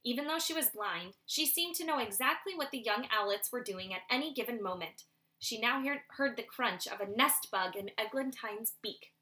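A woman reading a children's novel aloud in steady storytelling narration. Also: a little high, moderate pace. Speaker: audiobook reader. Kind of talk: scripted audiobook narration.

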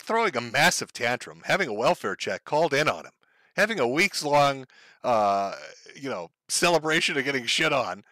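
A man's voice: medium pitch, bright, forceful tone, no echo. A man hosting a stream, giving mocking commentary over clips and laughing often. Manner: laughs often, sneering and gleeful. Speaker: streamer host.

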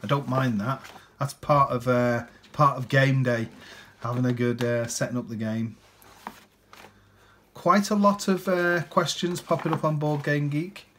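A man's voice: mid-range voice, measured pace, a bit bright, a little hiss or hum. A man casually talking through a board game unboxing, chatty and rambling, often ending with tag questions.

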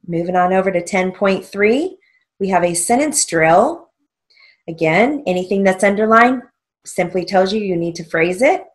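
A woman teaching a stenography lesson, dictating short phrases slowly and spelling out letters, checking in with an occasional "okay?". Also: medium pitch, animated. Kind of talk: slow, deliberate dictation lesson.

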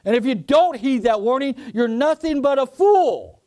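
A man preaching a sermon to a congregation, going from low, quiet storytelling up to loud shouted warnings. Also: lively intonation, moderate pace. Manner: preaching with swings from soft to shouting. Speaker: pastor.

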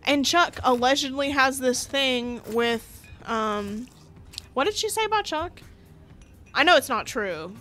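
A young woman talks through a story game in casual commentary. Her voice sits high and swings widely in pitch, and she breaks into frequent laughs and easy swearing when something annoys her. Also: lively intonation, a little slow, fairly bright tone, a little hiss or hum. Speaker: gamer playing a story game.

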